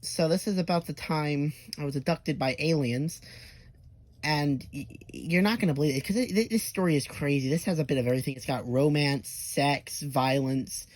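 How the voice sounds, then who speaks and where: A man's voice: a little high, normal speed, a little mellow, no room sound. A young man telling an absurd comedic story, rambling, with lots of fillers and swearing. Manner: absurd tall tale told half-seriously.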